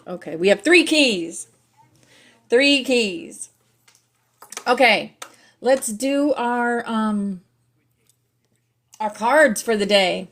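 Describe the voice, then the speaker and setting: A woman hosting a spiritual class who sounds hoarse and scratchy, talking in a lively way and saying affirmations aloud. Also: medium pitch, takes it slowly, pauses often. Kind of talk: casual livestream class, reading affirmation cards.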